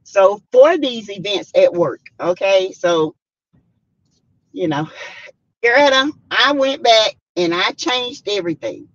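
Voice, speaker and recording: A Southern American woman hosting a laid-back YouTube live stream speaks slowly and animatedly at a medium pitch, reading viewer comments, greeting people by name, and laughing with lots of sass. The lo-fi recording has no room sound.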